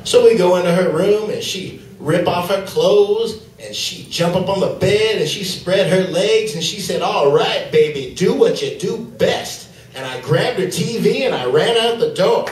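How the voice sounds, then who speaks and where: A man's voice: sits high, moderate pace, hardly any pauses, a little hiss or hum. A man doing a stand-up set, loose and rambling with lots of fillers. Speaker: stand-up comedian. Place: comedy club stage. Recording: echoey club from far off.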